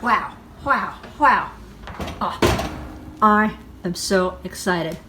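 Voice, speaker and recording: A woman hosting a casual cooking show from her home kitchen, talking chattily and excitably to viewers as she works through each step. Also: mid-range voice, moderate pace. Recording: background noise and clicks.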